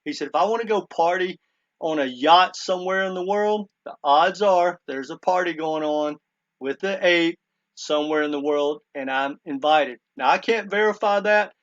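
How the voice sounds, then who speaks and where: At normal speed, a man with a fairly bright voice on the high side speaks through dull audio. He's a crypto commentator in a casual monologue, earnestly recounting a story with plenty of "he goes" asides and constantly calling viewers "guys".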